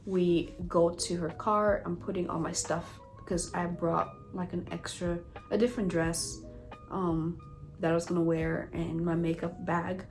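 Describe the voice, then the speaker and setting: A woman vlogger recounting a story to her viewers in a chatty, animated way, full of fillers and asides to the audience. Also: fairly low pitch, a little slow, soft background music, rough recording. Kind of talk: storytime vlog.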